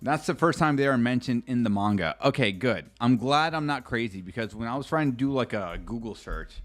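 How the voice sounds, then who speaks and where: A man's voice: mid-range voice, expressive, a little fast, faint music behind. A man streaming a casual live reaction, rambling and chatty, swearing freely and talking straight to his chat.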